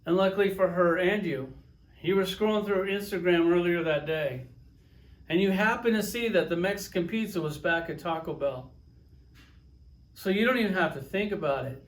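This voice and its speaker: High-voiced man ranting about toys. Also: normal speed. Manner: profane, sarcastic storytelling; riffs with acted-out quotes. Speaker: toy reviewer. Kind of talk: casual vlog rant and review.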